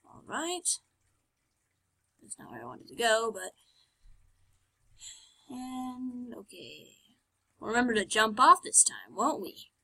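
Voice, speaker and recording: A woman's voice: fairly high pitch, sing-song, takes it slowly, gravelly, long pauses, pushed and bright, slightly rough, rough recording. A woman giving casual gameplay commentary, chatty and self-mocking, often muttering and whispering to herself. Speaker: game let's-player.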